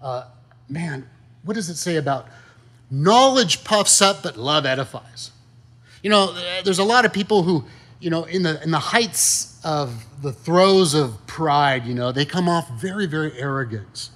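Folksy preaching man, slightly high voice. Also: expressive, measured pace, a bit bright. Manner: conversational, folksy, with many fillers and rhetorical questions. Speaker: pastor. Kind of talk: sermon.

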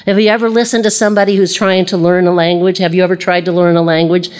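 A woman's voice: fairly low pitch, level tone, fast, a little mellow. A middle-aged woman teaching a casual Bible lesson, chatty, laughing easily and acting out the voices she quotes.

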